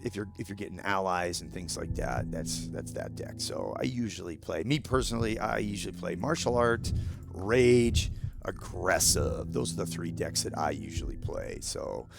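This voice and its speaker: Gravelly man with a sore throat. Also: on the low side. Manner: blunt, swears casually, explains step by step. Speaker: gaming YouTuber. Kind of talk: casual gameplay walkthrough.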